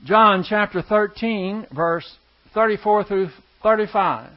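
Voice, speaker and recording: Male pastor, high voice, emphatic teaching sermon, muffled lo-fi sound. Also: lively intonation. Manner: teaching, emphatic with slow stressed words.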